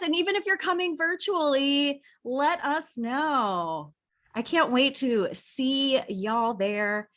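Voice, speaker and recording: A woman hosting a video call, warmly greeting attendees by name in a bubbly way. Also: high voice, takes it slowly. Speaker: webinar host. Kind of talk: welcoming a video call audience.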